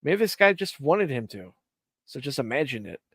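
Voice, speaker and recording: A man's voice: mid-range voice, very animated, normal speed, breathy edge, no room sound, clean studio sound. A man from Ireland hosting a live stream, chatting casually in rambling, profane, jokey rants. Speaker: stream host.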